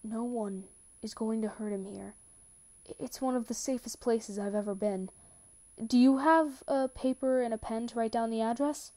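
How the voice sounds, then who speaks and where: A woman's voice: a little high, fairly even intonation, moderate pace, warm tone, natural voice. A woman voicing a tender, determined young man in a read-aloud story, with little change from her own voice. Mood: earnest.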